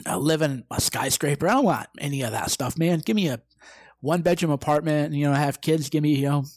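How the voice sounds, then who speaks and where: A man's voice: on the high side, a little fast, darkish tone, no echo, poor audio. A middle-aged man hosting a podcast from his living room, talking in a brash, combative, profane way. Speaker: podcast host. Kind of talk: casual monologue.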